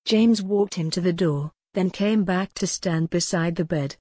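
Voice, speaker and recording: A woman reading a novel aloud in a measured, even scripted narration. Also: on the low side, dry recording, clean studio sound. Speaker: audiobook narrator.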